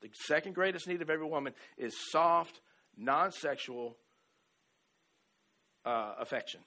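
A man's voice: fairly high pitch, lively intonation, a little slow, sharp tone. A man preaching a marriage sermon, telling a personal story in a folksy, rambling way with many restarts. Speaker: pastor.

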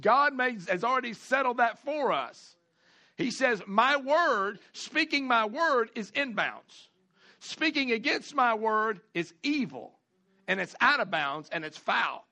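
A man's voice: very high voice, expressive, a little slow, sharp tone. A man preaching a sermon as pastor, folksy, repeating phrases and stretching key words for emphasis.

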